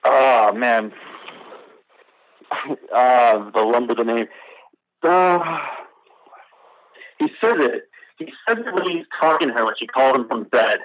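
A man's voice: medium pitch, animated, measured pace, long pauses, slight background noise. A man calling in to a trivia quiz, thinking aloud and hesitating with fillers as he answers. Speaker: caller playing a trivia quiz. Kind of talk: casual quiz answers over the phone. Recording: dull lo-fi phone line.

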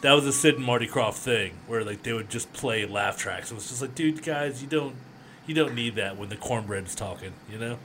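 A man's voice: medium pitch, a little fast, fairly bright tone, a little hiss or hum. A man co-hosting a podcast in casual chat, rambling and laughing often. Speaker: podcast co-host.

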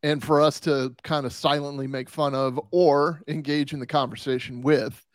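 A man's voice: fairly high pitch, steady tone, normal speed, no echo, clean studio sound. A man co-hosting a podcast in casual chat, rambling with restarts and easy laughs. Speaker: podcast co-host.

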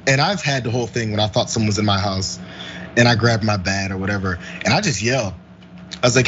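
A man with a fairly low voice talks at a quick pace while co-hosting a podcast, animatedly telling a story, acting out its dialogue, and laughing as he tells it. The sound is lo-fi with slight background noise.

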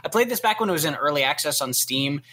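A man's voice: on the high side, lively intonation, fast talker, sharp tone, breathy edge. A man co-hosting a casual game podcast, talking in loose, filler-heavy rambles. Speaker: podcast co-host. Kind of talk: casual chat.

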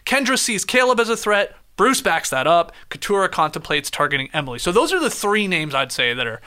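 A man's voice: high-pitched, very animated, sharp tone, clean tone. A man hosting a podcast, casually recapping a show episode in order and filling gaps with frequent "uh"s. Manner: lays out events in quick order with many "uh" fillers.

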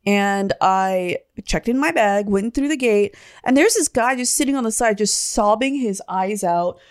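A woman's voice: a little slow, no room sound, clean studio sound. A woman in casual chat, animatedly telling a story and acting out the people in it. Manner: animated storyteller, acts out quoted voices with big pitch jumps.

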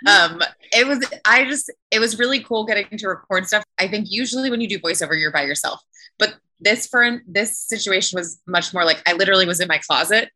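A woman's voice: medium pitch, brisk, bright, forceful tone. A woman, a cast member on the show, chatting casually and laughing often. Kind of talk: casual chat.

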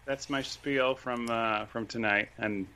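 A man's voice: medium pitch, fairly even intonation, unhurried, bright, forceful tone, clear, resonant tone. A man chatting casually as a guest on a podcast, rambling with fillers and restarts. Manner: chatty, self-deprecating, many fillers and restarts.

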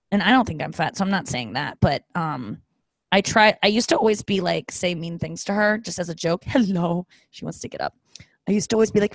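A woman's voice: on the low side, creaky, no echo. A young woman talking candidly at home in a rambling, self-deprecating way with joking asides. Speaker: vlogger. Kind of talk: candid casual monologue.

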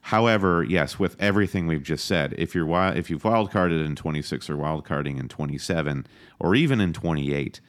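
A man's voice: extremely low pitch, a little fast. A man co-hosting a podcast in casual chat, wry and confident. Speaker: podcast co-host.

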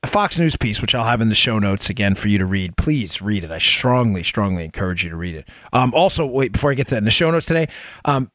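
A man hosting a political talk show, giving opinionated commentary full of sarcasm and mocking quotes, rising to loud outbursts and dropping to low asides. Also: very animated, fast, dry recording, clean studio sound.

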